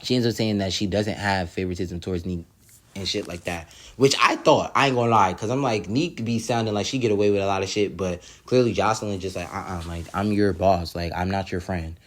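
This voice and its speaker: A man's voice: deep voice, brisk. A man casually recapping a reality show episode, swearing freely, laughing often and acting out what the cast said. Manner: profane, laughs often, acts out quotes. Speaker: TV episode reviewer.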